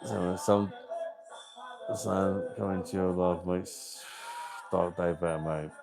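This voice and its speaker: A man's voice: low-pitched, steady tone, slow, gravelly. A man hosting a casual livestream, chatting with viewers in a matey, open and sometimes emotional way. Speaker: livestream host.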